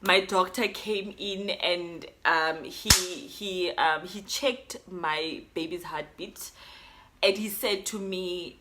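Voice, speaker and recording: A young South African woman with a South African accent, telling a personal story in an animated, code-switching way. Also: fairly low pitch, slow. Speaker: YouTuber. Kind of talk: storytime vlog.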